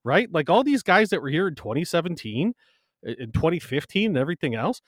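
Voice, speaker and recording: A man's voice: fairly high pitch, big pitch swings, brisk, no echo, studio quality. A man co-hosting a podcast in casual chat, emphatic and swearing freely. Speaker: podcast co-host.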